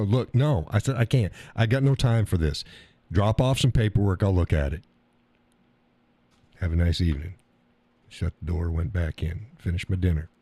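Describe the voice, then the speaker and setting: A middle-aged American live stream host rants through a story, casual and profane, tripping over repeated words and imitating the people involved. His voice is fairly low, dark, and mellow, recorded on a close, dry mic with no echo.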